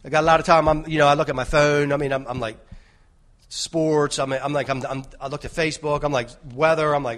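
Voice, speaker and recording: A man's voice: fairly high pitch, fairly even intonation, fairly quick, fairly bright tone. A man giving an informal sermon, telling a rambling personal story with many restarts and "right?" tags. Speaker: lay preacher.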